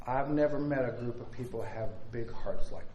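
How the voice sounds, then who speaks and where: A man's voice: medium pitch, a little fast, dull audio. A man sharing his recovery story at a meeting, talking candidly and joking in street slang. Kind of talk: personal recovery share. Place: meeting room with a laughing audience. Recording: echoey room with crowd and noise.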